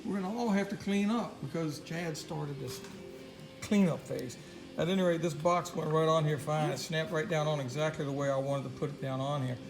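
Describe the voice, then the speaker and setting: Excitable folksy man in his workshop. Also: fairly high pitch, normal speed, vocal fry, music in the background, low-quality recording. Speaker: DIY builder showing his project. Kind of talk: casual workshop demo vlog. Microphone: handheld camera mic.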